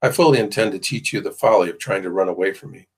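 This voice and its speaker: A man's voice: low voice, fast, slightly rough. A man doing a drawling menacing slaveholder. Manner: drawling, ominous, mocking. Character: cruel young male slaveholder, menacing, possessive.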